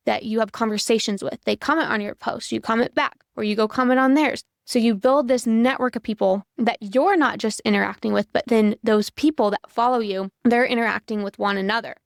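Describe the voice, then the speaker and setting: A woman's voice: fairly high pitch, no room sound, studio quality. A young adult woman giving direct, coaching advice in a vlog to camera, listing tips one after another. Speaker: accountant content creator.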